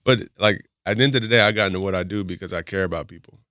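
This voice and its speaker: A man's voice: sits low, rapid-fire, bright, forceful tone, no echo, clean studio sound. A middle-aged man chatting casually as a podcast guest, blunt and emphatic. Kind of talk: casual chat.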